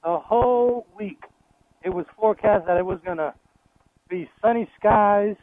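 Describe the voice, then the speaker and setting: A New York City man vlogs while riding a motorcycle outdoors on town roads, chatting animatedly, joking and swearing a lot. His voice is high and his pace measured, with no echo. The audio is tinny and phone-like, with loud music.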